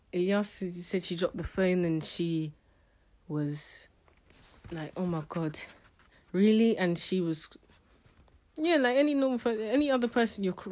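Woman chatting thru a book review, emotional, lots of restarts, middle pitch. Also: a little mellow. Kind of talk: casual spoken book review.

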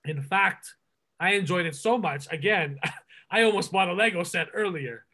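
A man's voice: high-pitched, moderate pace, sharp tone. A man hosting a casual movie podcast, rambling enthusiastically with lots of fillers and restarts. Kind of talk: casual movie review chat.

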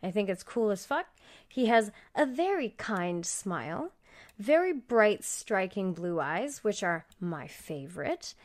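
A woman's voice: medium pitch, very animated, a little slow. A woman from Canada hosting a live stream, talking casually and profanely with a Valley-girl cadence. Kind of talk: casual livestream chat.

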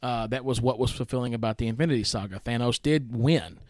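A man's voice: mid-range voice, fast talker, darkish tone, dry recording. Opinionated man, dry close sound. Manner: emphatic, many "like" fillers. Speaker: podcast co-host. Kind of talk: casual opinionated podcast debate.

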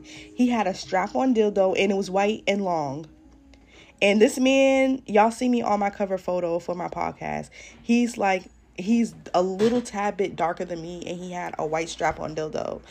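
A woman's voice: medium pitch, expressive, moderate pace, vocal fry, darkish tone. A young woman hosting a casual storytime vlog, talking bluntly and profanely straight to her viewers. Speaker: podcast host. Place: at home doing makeup.

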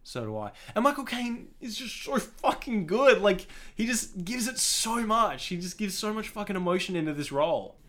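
A man's voice: sits high, moderate pace, hardly any pauses, a bit bright. A man co-hosting a film podcast, talking casually and enthusiastically, swearing often and using many fillers. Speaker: podcast co-host.

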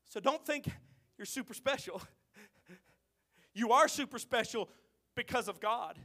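A man preaching in a church, with a very high, bright, ringing voice. He tells folksy stories quietly, then breaks into loud, stretched-out shouts. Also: animated. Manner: swings from quiet storytelling to shouted, drawn-out exclamations. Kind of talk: sermon.

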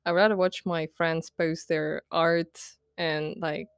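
Slow and smooth, with a low voice and level tone, a young woman podcast host rants diary-style about her life. She rambles through plenty of fillers, laughs a lot and pokes fun at herself candidly. The recording is clean studio sound without echo.

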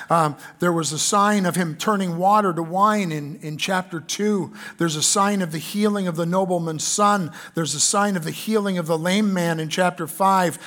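A pastor with a Canadian accent preaching a sermon in an earnest way, reading scripture aloud with fillers. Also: male voice, high-pitched, a bit bright.

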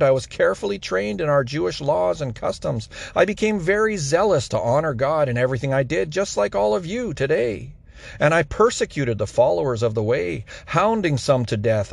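The apostle Paul gives an earnest defense of himself, read by a man in his plain reading voice. The voice is gravelly and sits a little high. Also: lively intonation, moderate pace, no room sound. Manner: earnest first-person testimony.

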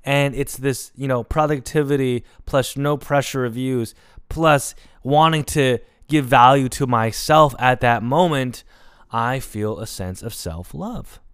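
Man, young adult, solo podcast host, rambling and candid, smooth clear voice, dry close sound. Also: mid-range voice, measured pace, a bit bright, no room sound. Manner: candid, rambling, swears casually. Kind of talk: solo reflective monologue.

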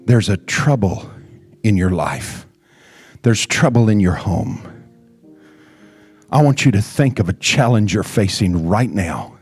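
Shouting preacher, slow and fervent. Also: male voice, lowish voice, expressive, slightly rough, soft background music. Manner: preaching, rising to shouts and calls for response. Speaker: pastor. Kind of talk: sermon. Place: church sanctuary.

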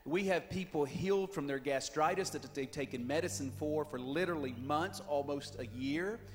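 A man's voice: a little high, moderate pace. A man, preaching a fervent revival sermon and calling out to his congregation. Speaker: pastor. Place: church sanctuary. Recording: reverberant hall with music.

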